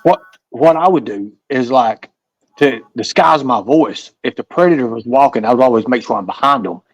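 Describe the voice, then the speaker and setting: A man's voice: mid-range voice, moderate pace, rough recording. A man from the American South with a Southern accent, a guest telling stories in a casual interview, rambling and repeating himself. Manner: rambling, repeats words, acts out voices in stories.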